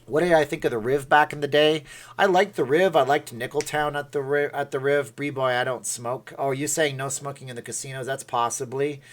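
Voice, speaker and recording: A middle-aged man chatting on his own livestream in a loose, rambling way. He reads viewers' comments aloud and laughs at his own attempts. The tone is playful and unhurried. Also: mid-range voice, fairly even intonation. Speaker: livestream host. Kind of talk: casual livestream chat.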